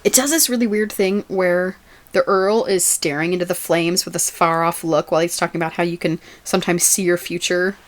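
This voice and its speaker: A woman's voice: fairly low pitch, steady tone, brisk. A woman co-hosting a podcast, chatting casually and often laughing as she recaps a TV episode. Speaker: podcast co-host.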